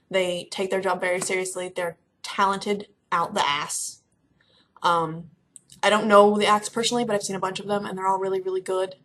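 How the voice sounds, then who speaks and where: A young woman from Kentucky chatting casually to camera in a vlog, excitable and rambling. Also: medium pitch. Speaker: vlogger. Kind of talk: casual chat.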